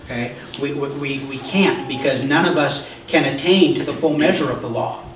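Pastor preaching from a distance in a roomy church. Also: male voice, mid-range voice, moderate pace, noisy background. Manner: explains scripture conversationally with frequent "okay?"; shouts emphatic points. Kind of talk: sermon. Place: church sanctuary.

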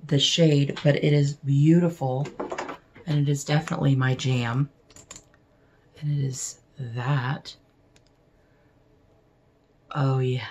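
A woman unboxing beauty products at home, chatting casually and gushing with excitement, now and then dropping to a soft whisper. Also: sits low. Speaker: beauty vlogger unboxing mail.

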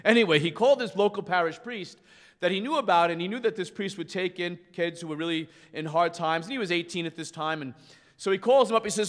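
A priest preaching with passion and telling a dramatic story, acting out its voices. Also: male voice, high-pitched, fast talker. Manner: impassioned storyteller who acts out the shouting in his story. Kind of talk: preaching a rally speech with a story. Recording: long hall reverb.

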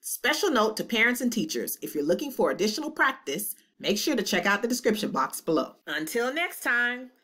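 A woman's voice: on the high side, very animated, a little fast, hardly any pauses, bright, forceful tone. A woman teacher giving a children's math lesson, counting in a sing-song way and encouraging her young viewers.

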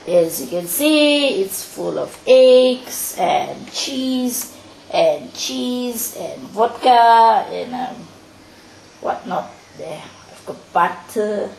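A woman's voice: medium pitch, animated, very slow, vocal fry, darkish tone, slight background noise. A woman with a Malaysian English accent giving a casual tour of her small apartment, chatty and laughing at herself, recorded on a handheld camera. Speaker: vlogger giving a home tour. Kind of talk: casual home video tour. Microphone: handheld camera mic. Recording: echoey room on camera mic.

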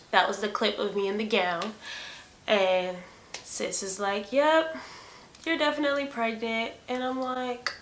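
A woman in her twenties telling a personal story in a casual storytime vlog, acting out texts and replies with lively emphasis. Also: medium pitch, reverberant, a little hiss or hum. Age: 20s. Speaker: vlogger. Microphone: camera mic.

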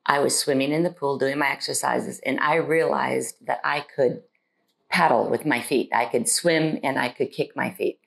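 A woman in her sixties with a very deep, gravelly voice. She gives an earnest, heartfelt patient testimonial and pauses often as she searches for words. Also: fairly even intonation, low-quality recording. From United States. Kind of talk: personal testimonial.

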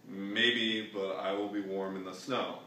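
Guy reading a stubborn little hedgehog, flat and halting, slow, big echo. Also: low voice, slight background noise. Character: small shy male hedgehog, stubborn. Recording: echoey room, mic far off.

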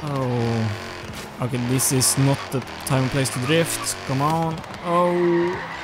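Halting man commenting on a race game. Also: mid-range voice, steady tone. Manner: rambling, halting, with frequent restarts and self-talk. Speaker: gaming channel host. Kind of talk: casual racing game commentary. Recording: game music playing over the voice.

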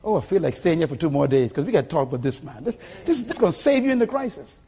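An older man preaching a sermon to a church congregation with a husky voice, emphatic and calling for responses. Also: on the high side, big pitch swings, fast talker, mellow. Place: church sanctuary.

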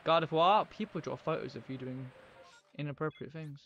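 A man's voice: on the high side, normal speed, fairly bright tone, dull audio, a little hiss or hum. Chatty gamer man on a live stream. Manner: rambling, chatty, talks to viewers while playing. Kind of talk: casual live-stream gameplay chat.

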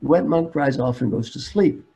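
Husky older man giving a webinar talk. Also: on the high side, moderate pace, dark tone. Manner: storytelling, repetitive, plainspoken. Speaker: speaker, coach. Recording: dull webinar audio.

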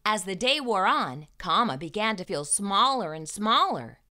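A woman reading a picture book aloud to children in an animated, sing-song manner. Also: mid-range voice, measured pace. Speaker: children's storyteller.

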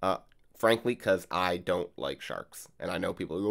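A man's voice: sits low, lively intonation, a little fast, gravelly, a bit bright. A man hosting a card game channel, chatting casually and rambling with lots of fillers. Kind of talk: casual gameplay vlog and commentary. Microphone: desk mic while recording gameplay.

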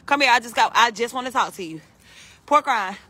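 A woman's voice: a little high, animated, brisk, pushed and bright, breathy edge, no room sound. A woman calling and scolding her farm animals outdoors, as if they were naughty kids. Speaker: vlogger. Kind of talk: casual chat while calling farm animals.

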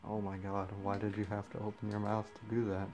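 A man's voice: fairly low pitch, monotone, brisk, darkish tone, poor audio. A man giving goofy, joking let's-play commentary and talking to the characters on screen. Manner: goofy, jokey, talks to the game characters. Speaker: gameplay commentator. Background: game music.

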